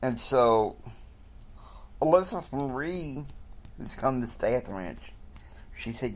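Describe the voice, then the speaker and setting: A man telling a long family story at an unhurried, slow pace. He stops and restarts often and voices each person by saying "she's like" before their words. His pitch sits in an ordinary middle range. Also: sing-song. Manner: slow, halting, quotes characters with "he's like". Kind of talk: casual story retelling.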